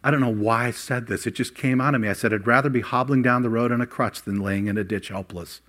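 An older man preaching a sermon, voice rising for emphasis and dropping low while he tells personal stories. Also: fairly even intonation, fast, a bit bright. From Ohio. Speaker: pastor.

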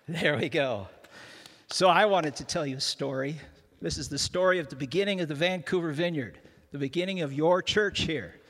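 A man's voice: a little high, fairly bright tone. An older man from Canada, a guest pastor giving a humorous sermon, joking at his own expense and often restarting his sentences. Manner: self-deprecating, joking, with frequent restarts. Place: large church hall. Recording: long hall reverb.

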